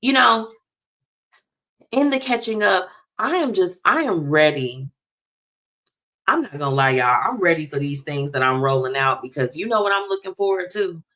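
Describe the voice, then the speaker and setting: Low-voiced chatty woman host. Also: normal speed, pauses often. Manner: chatty, animated, addresses listeners directly. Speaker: talk show host. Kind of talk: casual chat to listeners.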